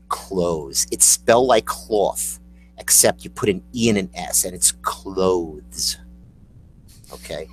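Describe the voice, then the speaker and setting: A man's voice: medium pitch, a little mellow. A man chatting casually about word pronunciations, joking and drawing out the words he spells.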